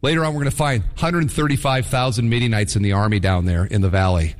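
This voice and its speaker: A man preaching a sermon in an animated, conversational storytelling manner. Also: medium pitch, quick pace, long reverb tail. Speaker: pastor.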